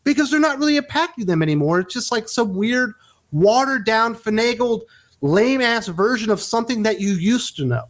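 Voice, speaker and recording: A man hosting a casual opinion chat, talking in an emphatic, animated way. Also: very high voice, moderate pace. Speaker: podcast host.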